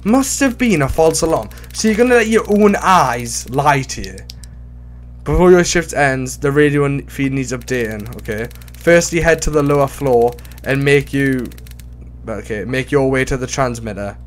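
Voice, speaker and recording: A man doing casual let's play commentary on a horror game, excitable and bursting into shouts. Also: medium pitch, normal speed. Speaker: gaming YouTuber.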